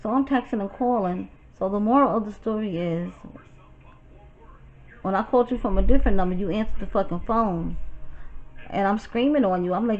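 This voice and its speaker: A woman from New York telling a personal story to her viewers in a blunt, profane, animated way. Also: mid-range voice, brisk, pauses often, phone-quality sound. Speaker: YouTuber. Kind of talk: storytime vlog.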